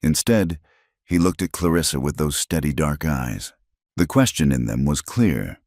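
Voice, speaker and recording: A man with an extremely deep voice narrates a Western story in a measured, dramatic way. His pitch moves a lot. The recording is dry and close, with no room sound. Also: animated, darkish tone, no room sound.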